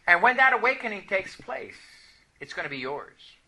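Preacher guy telling his story, super bright tone, pitch jumps all over. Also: normal speed, gravelly. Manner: animated storytelling, emphatic declarations. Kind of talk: sermon.

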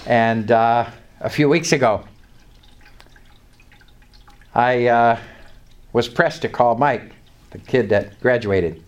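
An older speaker, giving a personal testimony to a small group in an animated storytelling way, acting out prayers and chuckling. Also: mid-range voice, takes it slowly, lo-fi sound. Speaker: lay preacher sharing testimony.

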